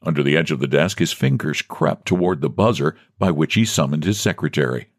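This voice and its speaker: A man narrates a classic thriller in a measured storytelling way. His pitch moves expressively through the lines. The recording is dry and close. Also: lively intonation, no room sound. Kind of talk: scripted narration.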